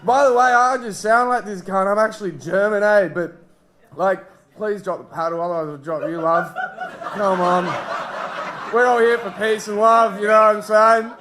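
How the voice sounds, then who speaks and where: A man's voice: sits high, moderate pace, fairly bright tone. A young Australian man doing a loose, crude stand-up set, often laughing at his own jokes. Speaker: stand-up comedian. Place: live comedy club stage.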